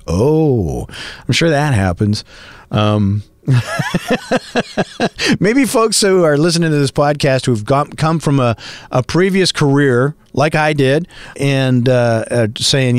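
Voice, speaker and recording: A middle-aged male podcast host who rambles along in a lively, up-and-down voice that sits a touch high. The sound is dry and close, with no room around it. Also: unhurried, dry recording. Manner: chatty, rambling, animated. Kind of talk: casual podcast monologue.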